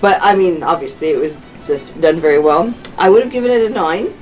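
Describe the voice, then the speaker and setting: A woman's voice: fairly low pitch, expressive, brisk, a little mellow, faint music behind, rough recording. Firm, argumentative podcast co-host woman. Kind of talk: casual podcast chat.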